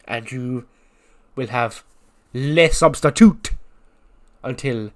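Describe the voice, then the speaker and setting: Here is a pompous, blustering French wrestling teacher, as a man puts him on, with a thick put-on accent and big drawn-out words. He booms over the class and drags every word out slowly. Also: steady tone, natural voice. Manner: loud, theatrical, stretches words.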